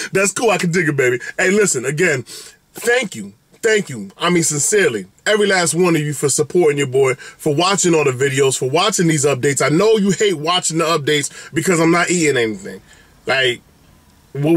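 A man's voice: a bit bright, dry recording. A man giving an exuberant, playful vlog update as a food reviewer, swinging his voice up and down. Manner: exuberant, playful, big swings in pitch and catchphrases. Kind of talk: animated direct-to-camera vlog update.

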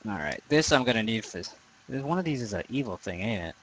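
A man's voice: lowish voice, lively intonation, fast talker, fairly bright tone, slight background noise, rough recording. A young man giving casual let's play commentary over a game, rambling, swearing often and poking fun at himself. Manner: profane, rambling, self-deprecating. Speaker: gaming commentator.

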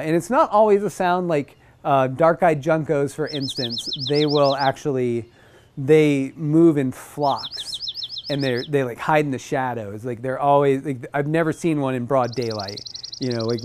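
Man teaching about birds, casual. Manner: animated, imitates bird chips in a high voice. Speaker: outdoor naturalist instructor. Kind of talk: casual teaching talk to a group.

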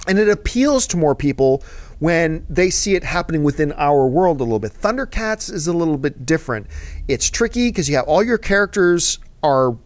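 A man's voice: fairly high pitch, sing-song, moderate pace, no room sound. A man hosting a casual chat about movies, talking as an eager fan who rambles and drifts into asides. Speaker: show host answering viewer mail.

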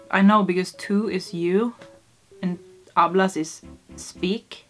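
A woman talks through her language practice in a relaxed, unhurried vlog. She laughs at herself, mocks her own mistakes and swears when she gets frustrated. A faint music bed plays underneath. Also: fairly low pitch. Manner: playful, self-mocking, swears when frustrated. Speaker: vlogger. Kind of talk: casual chat while learning Spanish.

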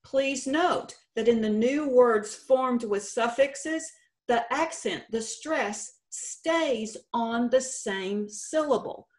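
A woman contest director giving a slow, deliberate instructional talk on spelling rules. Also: fairly high pitch, darkish tone. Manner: slow, deliberate teacherly explanation. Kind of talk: instructional presentation.

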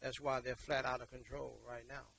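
Man, preacher, gravelly and mid-pitched, preaches in loud bursts and quiet stretches. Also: flat delivery, normal speed, slight background noise, rough recording. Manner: emphatic, repeats words, swings between loud exhortation and quiet talk. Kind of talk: sermon and prayer.

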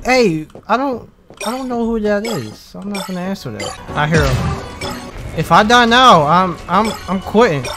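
A man giving excitable commentary on his game playthrough, yelping and pleading as things go wrong. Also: sits high, unhurried. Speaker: gamer. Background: game music.

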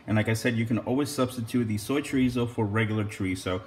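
A man's voice: fairly low pitch, fast talker, darkish tone, echoey room, slight background noise. A young man hosting a casual cooking vlog, upbeat and chatty, with lots of ums and small laughs. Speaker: cooking channel host.

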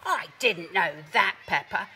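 A woman voicing a naive, excitable young male dog who is amazed by everything. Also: medium pitch, unhurried, a faint crowd, slight background noise. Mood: happy.

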